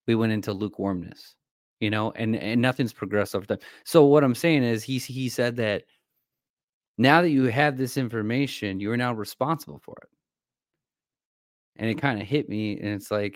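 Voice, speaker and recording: A man co-hosting a podcast, rambling in a halting way with lots of fillers about faith. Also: mid-range voice, no room sound, studio quality. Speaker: podcast co-host. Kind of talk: casual faith talk.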